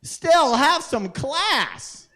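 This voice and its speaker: A man voicing a prim, stern middle-aged mother who scolds in a high prissy tone. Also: big pitch swings, extremely slow, sharp tone, heavily acted. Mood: scolding.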